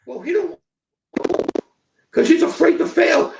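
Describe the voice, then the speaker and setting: Blunt gravelly older coach, echoey lo-fi. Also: male voice, very high voice, measured pace, background noise. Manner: blunt, profane, repetitive with frequent "okay?" and "right?". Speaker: football coach guest. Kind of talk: podcast interview talk. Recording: echoey distant lo-fi stream audio.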